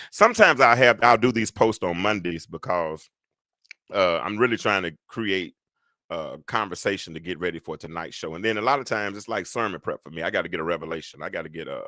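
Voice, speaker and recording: A man hosting a live call-in talk show, rambling and animated, swinging between loud and soft talk. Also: lowish voice, brisk, no room sound, studio quality.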